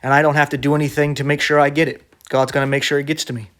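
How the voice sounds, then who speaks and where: A man with a high-ish, fairly bright voice preaches casually to camera, speaking very fast in a level tone. He's blunt and argumentative yet conversational, constantly checking in with "right?".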